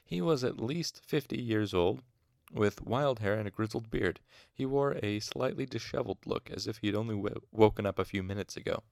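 Gravelly man reading a novel aloud. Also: fairly low pitch, moderate pace, a little mellow, dry recording, clean studio sound. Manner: chatty asides, fixing pronunciations. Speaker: audiobook reader. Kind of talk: casual fan audiobook reading.

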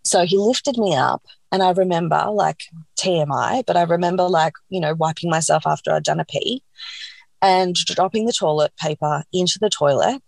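Gravelly-voiced woman telling a story. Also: on the low side, moderate pace, no echo. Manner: animated, acts out quoted dialogue, frequent "like". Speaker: podcast guest. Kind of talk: candid personal storytelling.

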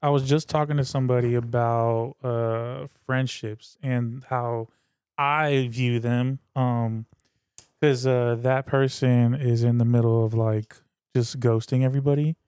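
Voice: medium pitch, steady tone, unhurried, darkish tone, smooth, dry recording, clean studio sound. An easygoing podcast host chatting casually and agreeing often with a guest.

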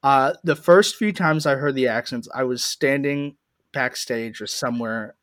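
A man's voice: medium pitch, a bit bright, no echo. Rambling young male host, dry mic. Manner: rambling, halting with many fillers. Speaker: podcast host. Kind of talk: casual chat.

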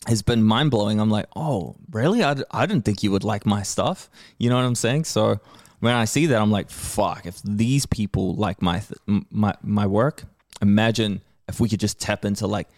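A man's voice: on the low side, dry recording. A man, talking brashly as a podcast guest, swearing freely and laughing often. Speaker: podcast guest, rapper and comedian. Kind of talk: casual podcast conversation.

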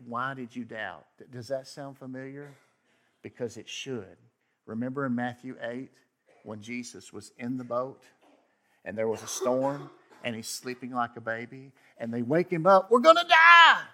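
A man preaching a sermon as pastor, talking conversationally, swinging from loud emphasis to hushed asides and acting out quoted voices. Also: mid-range voice. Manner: acts out quoted voices with sudden outbursts.

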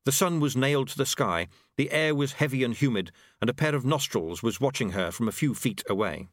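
A man reading a novel aloud, voicing the characters' lines by shifting his pitch. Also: animated, brisk, no room sound, studio quality. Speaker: audiobook narrator. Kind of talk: novel narration with character voices.

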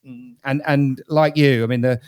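A British man talks through an album in a relaxed panel chat. His opinions are blunt and frank, and he often repeats words while he gathers his thoughts. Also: medium pitch, moderate pace. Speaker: music critic. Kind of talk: casual panel discussion.

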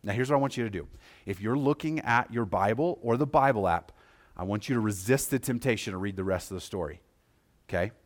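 A man preaching a sermon as pastor, talking conversationally and checking in with his listeners, moving between quiet, slow passages and louder, quicker ones. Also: lowish voice.

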